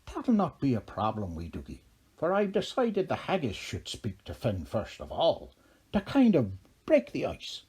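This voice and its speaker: A man's voice: mid-range voice, huge pitch swings, moderate pace, a little mellow, slightly rough, heavily acted. A man voicing a mischievous, teasing old leprechaun king in a lilting, playful storybook voice. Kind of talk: storybook character voice.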